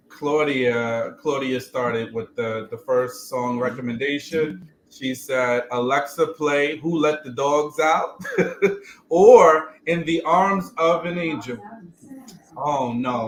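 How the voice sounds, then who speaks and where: A man's voice: medium pitch, a bit bright, echoey room, a little hiss or hum, low-quality recording. A man hosting a casual panel chat, playful and laughing often. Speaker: podcast host.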